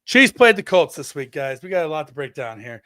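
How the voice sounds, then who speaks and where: Lively storytelling man, dry mic. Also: fairly high pitch, fairly quick, dry recording. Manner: animated storytelling, acts out quotes in exaggerated voices, swears freely. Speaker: podcast co-host. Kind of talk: casual chat.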